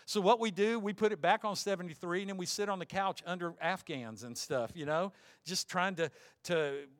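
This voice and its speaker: High-voiced pastor preaching earnestly. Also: male voice, a bit bright, no room sound, clean studio sound. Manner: earnest, conversational preaching with folksy asides. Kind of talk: sermon.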